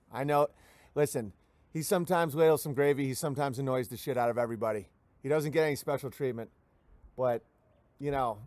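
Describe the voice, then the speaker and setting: A man with a somewhat higher voice rambles crudely through a live stream, joking and restarting sentences as he goes. The sound is dry and close, with no room echo. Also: darkish tone. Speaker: livestream host.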